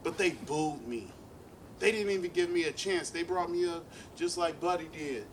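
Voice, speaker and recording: A man's voice: on the high side, moderate pace, a little hiss or hum. A man from East Oakland doing a profane stand-up comedy set with playful asides. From East Oakland, California. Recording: live club set, distant mic, loud crowd.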